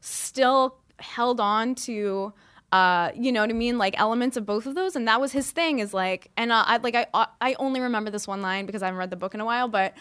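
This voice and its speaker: Brief: woman podcast host, high voice, chatty and self-mocking, lots of fillers. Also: brisk, fairly bright tone, clean tone. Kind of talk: casual chat.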